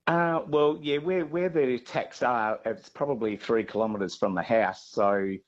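Halting Australian farmer on a dull line. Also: male voice, medium pitch, steady tone. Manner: halting, with many fillers and restarts. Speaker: farmer interviewee.

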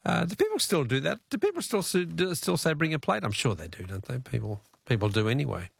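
A man's voice: on the high side, sing-song, fairly quick, vocal fry, slightly rough, no echo. A man with an Australian accent hosting a radio quiz, chatting casually with callers in a chuckling, self-deprecating way from a studio mic. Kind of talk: casual radio talkback chat. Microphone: studio microphone.

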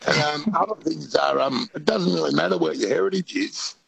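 A man's voice: a little high, brisk, vocal fry, a bit bright, rough recording. A man with an Australian accent calling in to a radio show, chatting in a laid-back way with lots of fillers and slang. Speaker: radio caller. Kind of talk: casual call-in chat.

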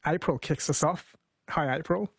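A man's voice: a little high, moderate pace, creaky, fairly bright tone, slightly rough, no echo. A man hosting a talk radio show, chatting, reading out listener texts and the weather. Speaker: radio host. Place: radio studio. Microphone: studio mic.

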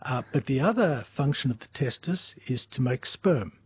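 A man as a medical expert guest, giving patient, measured explanations with small restarts. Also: medium pitch, lively intonation, breathy edge. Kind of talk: explanatory interview answers.

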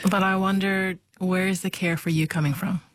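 A woman hosting a radio interview, asking gentle, measured questions and reading the closing notes. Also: on the low side, fairly even intonation, no room sound. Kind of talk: broadcast interview and outro.

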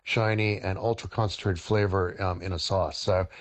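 Low-voiced man, halting and full of fillers. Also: fairly even intonation. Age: middle-aged. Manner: halting, many fillers and restarts, storytelling. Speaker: historian and chef, radio guest. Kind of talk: casual radio interview, explaining cooking.

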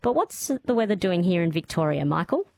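Brisk woman hosting live radio. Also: fairly low pitch, sing-song, vocal fry, a little mellow, slight background noise. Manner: brisk, friendly, keeps the show moving. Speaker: radio host.

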